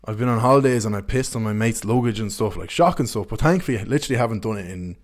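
A man's voice: fairly low pitch, quick pace. Sweary young man telling stories. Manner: candid, sweary, rambling anecdotes. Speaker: podcast host. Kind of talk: casual storytelling chat.

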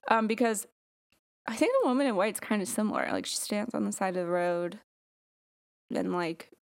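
A woman's voice: mid-range voice, moderate pace, creaky. A woman hosting a casual podcast, chatty and giggly, rambling with many fillers. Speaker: podcast host. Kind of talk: casual chat.

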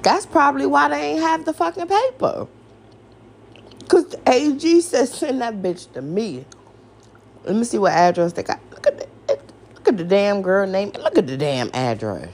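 A woman's voice: fairly high pitch, lively intonation, normal speed, creaky. A woman hosting a podcast, ranting in a casual, exasperated, profane way and firing off rhetorical questions. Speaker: podcast host. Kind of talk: casual rant.

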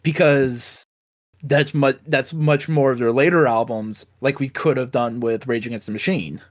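A man's voice: mid-range voice, steady tone, moderate pace. A man co-hosting a casual podcast, blunt and sweary, who often restarts his words. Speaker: podcast co-host. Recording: dull lo-fi sound.

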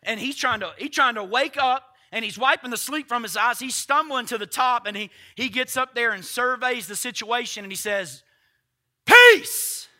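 High, bright-voiced preaching man. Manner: swings from quiet asides to loud shouted quotes; conversational, addresses congregation directly. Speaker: pastor. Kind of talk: sermon. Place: church.

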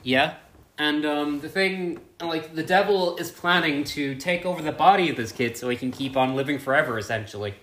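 A man's voice: a little high, moderate pace, fairly bright tone. A man co-hosting a podcast in casual chat, mostly giving short agreements and dry joking asides. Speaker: podcast co-host.

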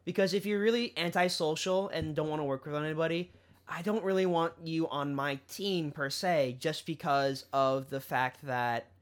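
A man's voice: fairly high pitch, normal speed. A young man co-hosting a podcast in casual chat, talking loosely with lots of fillers and repeated words. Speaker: podcast co-host.

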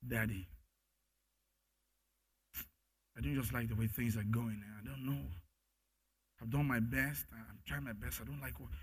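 A man voicing a weary believer praying quietly and pleadingly to God. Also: medium pitch, fairly even intonation, moderate pace, husky, pitched below the performer's own voice.

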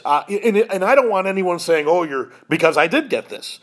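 Man, fifties, podcast host, earnest, emotional, higher-pitched husky voice. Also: animated, moderate pace. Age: 50s. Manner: earnest, emotional, choked up at times. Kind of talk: emotional personal storytelling.

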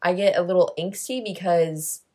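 A woman's voice: fairly low pitch, moderate pace, warm tone. A woman chatting casually with friends in a bubbly, playful, joking way. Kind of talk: casual chat.

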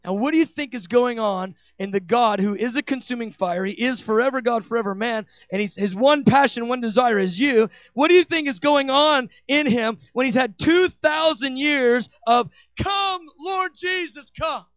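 High-voiced impassioned male preacher. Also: normal speed, few pauses, no echo. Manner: impassioned, acts out quoted dialogue with big swings in pitch and loudness. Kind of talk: sermon.

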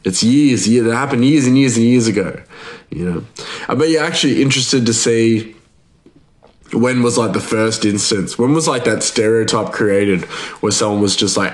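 A man's voice: medium pitch, very animated, moderate pace, long pauses. A man, chatting casually on his podcast, rambling, laughing often and restarting his sentences. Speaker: podcast host, chef.

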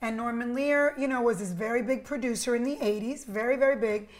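Animated high-voiced woman with a New York accent. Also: brisk. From Cuba, raised in New Jersey. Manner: animated, emphatic storyteller. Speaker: interview guest, media executive. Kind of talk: casual conversational interview.

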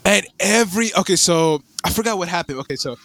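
A young man telling a rambling story in casual chat, animated and swearing, with lots of fillers and restarts. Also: high voice, brisk, vocal fry.

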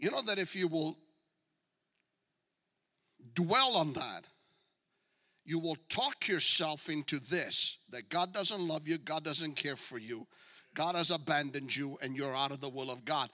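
A man preaching a sermon as a guest speaker, dramatic and joking, swinging from quiet talk to shouting. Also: on the high side, measured pace, long pauses, in a large hall.

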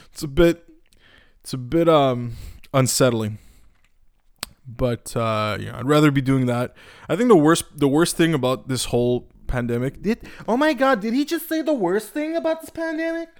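A man hosts his own podcast in a loose, rambling monologue, joking and swearing, full of fillers and restarts. His voice sits at an ordinary middle pitch. The sound is dry and close, with faint music underneath. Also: no echo. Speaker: podcast host. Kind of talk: casual solo podcast monologue.

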